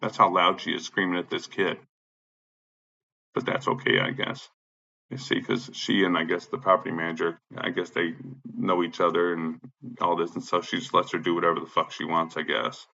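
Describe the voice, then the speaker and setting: A man ranting angrily about his neighbors and landlord, swearing constantly and admitting he is high. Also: flat delivery, normal speed, creaky, sharp tone, highs cut off. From Illinois. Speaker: tenant complaining about his apartment complex. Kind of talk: angry profane rant.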